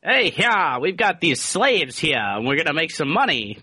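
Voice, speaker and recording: A bratty cartoon boy with a put-on Southern drawl, as a man impersonates him. The voice rides high and bright and cackles mockingly. It sounds close and dry, with no room around it. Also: big pitch swings, moderate pace, slightly rough, dry recording, full character voice.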